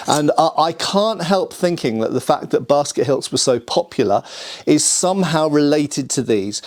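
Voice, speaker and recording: A man's voice: fairly high pitch, lively intonation, normal speed. A man from the United Kingdom, host of a sword history channel, talking casually to camera, thinking aloud and asking viewers what they think. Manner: chatty, thinking aloud, asks viewers questions. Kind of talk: casual explanatory talk to camera.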